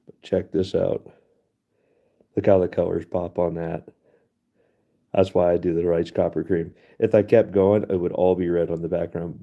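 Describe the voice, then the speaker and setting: A man hosting a casual live stream outdoors on a cold night, chatty and laughing often, his voice going hoarse. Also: low voice, lo-fi sound. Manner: chatty, laughs often, addresses viewers as guys. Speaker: livestream host.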